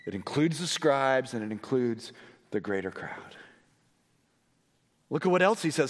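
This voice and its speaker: Male pastor, sermon delivery, higher voice, hushed-to-excited swings, long hall echo. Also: normal speed. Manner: swings between hushed, low storytelling and raised, excited emphasis.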